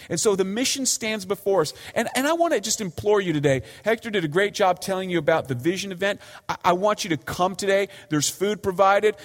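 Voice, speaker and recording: A man delivers a sermon in a fairly high voice, earnestly pleading with his listeners and lifting and dropping his voice for emphasis. The long reverb of a church hall trails after his words. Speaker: pastor.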